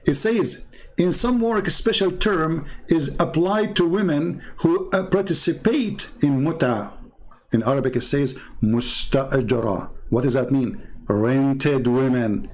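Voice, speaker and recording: A man giving sarcastic commentary while reading from a website on screen, swinging between low mutters and high mocking exclamations. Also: darkish tone, rough recording. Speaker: religious debater.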